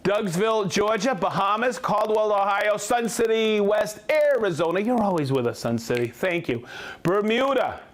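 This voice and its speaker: An upbeat man hosting a live stream from a workshop, his voice sitting a little high and swinging widely in pitch. He talks in a chatty, friendly way, reading off one viewer location after another. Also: animated, normal speed. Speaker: host of a company livestream. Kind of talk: live product demo and viewer shout-outs.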